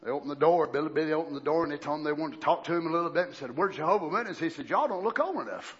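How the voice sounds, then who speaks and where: A man preaching a fiery sermon, shouting and swinging into mocking impressions. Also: on the high side, lively intonation, rapid-fire. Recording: lo-fi muffled sound.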